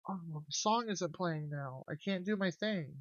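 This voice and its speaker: A young adult streamer does casual let's-play commentary, reading game lines aloud and chatting with viewers through animated asides that include swearing. The mid-range voice moves at a measured pace, with no echo and lo-fi sound from a desk mic whose gain has been adjusted.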